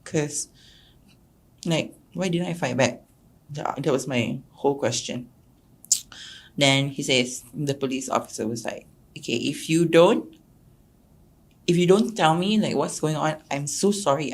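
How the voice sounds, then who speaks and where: A young woman with a Singaporean English accent, telling a personal story as a podcast guest and acting out quotes with sudden jumps in pitch and loudness. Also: unhurried, long pauses, breathy edge.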